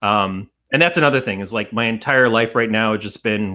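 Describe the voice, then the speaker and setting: A man's voice: lowish voice, brisk, sharp tone. A man co-hosting a podcast, rambling in casual, profane banter and laughing often. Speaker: podcast co-host.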